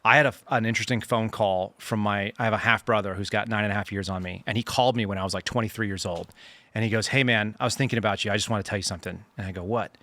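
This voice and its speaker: A man's voice: on the low side, racing, no room sound. A man, a former federal agent, telling a story as a guest on a casual panel show and acting out the dialogue. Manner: animated anecdote teller, acts out dialogue.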